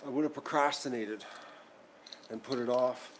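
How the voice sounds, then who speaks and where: A man's voice: mid-range voice, moderate pace, noisy background. A man, chatting casually and rambling on a livestream about his day and his animals. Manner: rambling, self-deprecating, talks to his animals. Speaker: vlogger raising ducks.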